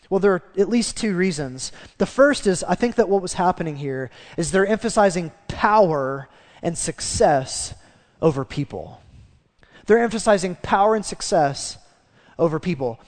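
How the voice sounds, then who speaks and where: A man preaching a sermon as pastor, animated, acting out the voices of the people in his story. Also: high-pitched, in a large hall.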